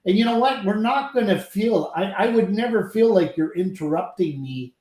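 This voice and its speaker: A talkative, friendly man from Canada, here a company president chatting as a podcast guest. His voice is slightly high and he laughs easily. The recording carries a noticeable room echo. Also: animated, moderate pace, a little mellow. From French Canada. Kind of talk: casual chat.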